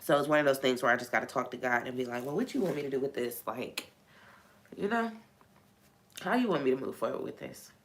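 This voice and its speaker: Very low-voiced woman venting frankly. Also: lively intonation, quick pace, slight background noise. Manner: frank and venting, swears freely. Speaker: faith talk host. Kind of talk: casual live-stream talk.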